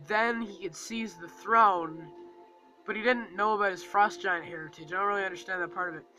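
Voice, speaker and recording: A man's voice: high voice, brisk, sharp tone, soft background music, rough recording. A man giving a casual, rambling movie review, full of fillers and acting out lines from the film.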